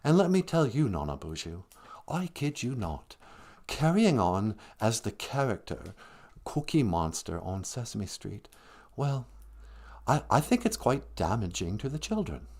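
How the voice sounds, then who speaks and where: A man voicing a male monster who drops the act to speak in a refined, halting, world-weary way. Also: medium pitch, big pitch swings, darkish tone.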